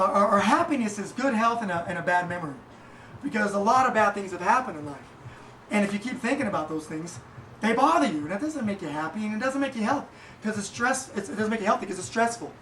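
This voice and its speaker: A man's voice: high-pitched, fairly bright tone. Rambling man in an echoey room. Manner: rambling and halting, with many fillers. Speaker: podcast host and small business owner. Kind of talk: casual motivational monologue. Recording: echoey room, distant mic, faint noise.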